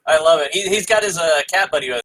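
A man's voice: a little high, expressive, fast, bright, forceful tone, poor audio. A man co-hosting a casual podcast chat, chiming in with short, enthusiastic remarks. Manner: enthusiastic interjections. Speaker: podcast co-host.

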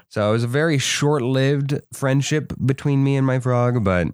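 Young man, low voice, dry close sound, halting casual talker with restarts. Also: smooth, dry recording. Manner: hesitant, many restarts and repeated words. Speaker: conversation partner. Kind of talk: casual chat.

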